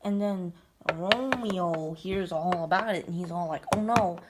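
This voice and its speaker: A woman's voice: fairly low pitch, unhurried. Rambling young woman, noisy recording. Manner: rambling, filler-heavy valley-girl talk. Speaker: storyteller. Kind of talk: comic retelling.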